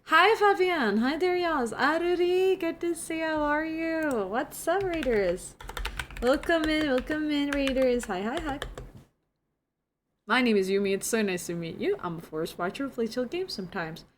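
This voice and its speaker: A young woman chats with her stream audience. She sounds bubbly and greets people by name, and her voice sits a little high. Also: a little hiss or hum. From Jakarta, Indonesia. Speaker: livestreamer. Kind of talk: casual stream chat.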